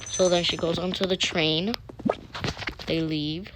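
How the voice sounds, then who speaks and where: A woman's voice: on the low side, steady tone, slow pace, noisy background. A woman hosting her own channel, narrating a toy doll-play story in a chatty, rambling way with frequent restarts.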